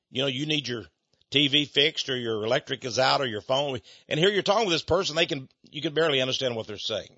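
A man's voice: mid-range voice, pushed and bright, dry recording. An older man, preaching in a chatty, folksy way, laughing often and acting out little conversations. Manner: chatty, laughs often, acts out quoted voices. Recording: dull dry lo-fi recording.

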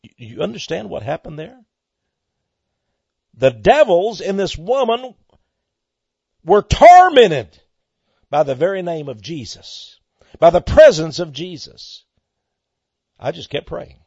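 Texan man preaching, high husky voice, dry muffled lo-fi sound. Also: big pitch swings, slow, long pauses, no room sound. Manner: fervent, swells loud on key words, repeats words. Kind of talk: preached radio sermon.

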